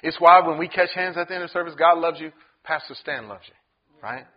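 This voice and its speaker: A man preaching a sermon as pastor, animated and acting out the people in his story. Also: on the high side, a little fast, highs cut off. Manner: animated, acts out voices in the story.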